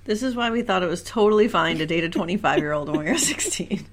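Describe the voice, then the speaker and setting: A woman in her forties co-hosting a casual podcast, chatty and quick to giggle. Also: fairly low pitch, animated. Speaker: podcast co-host. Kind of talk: casual rewatch podcast chat.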